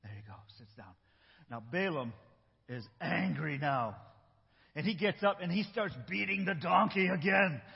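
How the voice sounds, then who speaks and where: A man acting out a Bible story with children in a church, animated and coaching his young helpers. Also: sits high, measured pace, vocal fry, husky. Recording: echoey hall, dull lo-fi sound.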